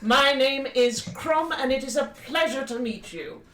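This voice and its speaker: A woman's voice: sits high, unhurried, fairly bright tone, echoey room, recorded from a distance, voice pushed up. A woman doing a prim, formal warforged soldier. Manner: prim, precise, lecturing. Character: stiff formal male warforged soldier, proud.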